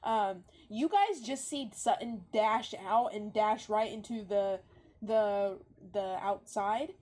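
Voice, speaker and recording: A woman's voice: mid-range voice, slow pace, darkish tone. A woman game master casually narrating a tabletop role-playing game on a stream, with lots of fillers. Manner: casual, full of fillers, encouraging.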